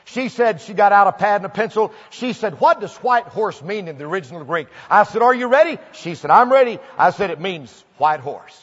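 A man preaching a revival sermon, telling folksy stories and building to fervent shouting. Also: high-pitched, animated, brisk, hardly any pauses. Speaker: pastor. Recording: muffled old recording in a large hall.

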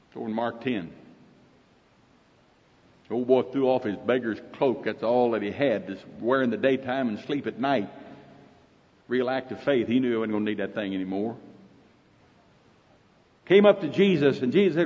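A man's voice: medium pitch, moderate pace, long pauses, a little mellow. A man with an Oklahoma accent preaching a sermon in a folksy, emphatic way, quoting scripture often. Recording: dull recording with long hall reverb.

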